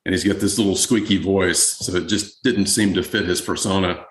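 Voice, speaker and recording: Male guest historian, low voice, easygoing interview talk, echoey room. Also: normal speed. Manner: relaxed, conversational, many fillers. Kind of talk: podcast interview answers.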